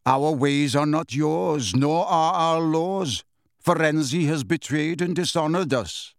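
A man voicing a calm, stern male centaur elder who speaks smoothly and in measured tones. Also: on the high side, dry recording, studio quality.

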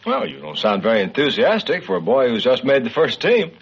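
A patient 1950s sitcom dad. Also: male voice, mid-range voice, very animated, gravelly, husky, full character voice. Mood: stern. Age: middle-aged. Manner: measured, patient, mildly stern. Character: calm, fair-minded suburban father, middle-aged. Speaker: father. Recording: dull 1950s TV sitcom audio.

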